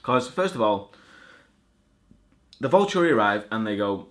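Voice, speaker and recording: A man's voice: fairly low pitch, very animated, a little slow, pauses often, fairly bright tone. A man giving a casual spoken film review, sarcastic and swearing a lot, often stumbling and restarting his sentences.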